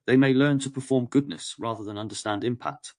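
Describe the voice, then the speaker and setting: A man narrating a nonfiction audiobook in a calm, measured, even voice. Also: mid-range voice, no echo.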